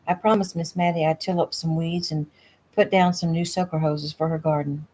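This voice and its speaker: A woman's voice: low-pitched, steady tone, normal speed, darkish tone, rough recording. A woman reading the lines of an easygoing, teasing young rancher man, in a casual audiobook reading at home. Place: home room.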